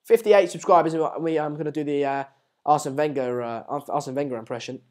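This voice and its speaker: Hosting a casual live football watchalong, this man speaks fairly quickly in a darkish, slightly high voice. He chats and rambles with plenty of fillers, pausing often to urge his audience to subscribe.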